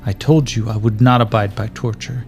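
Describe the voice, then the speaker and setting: A man's voice: on the low side, steady tone, moderate pace, a little mellow, natural voice. A man voicing a stern, grieving older knight lord who speaks in a solemn, reproachful way to a younger knight in a tabletop game. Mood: sorrowful. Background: faint background music.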